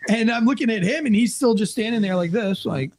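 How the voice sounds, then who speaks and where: An American man and former police officer telling a story in a casual interview, animated and profane, acting out the people in it. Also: sits high, fairly quick. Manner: animated, profane, acts out quoted voices.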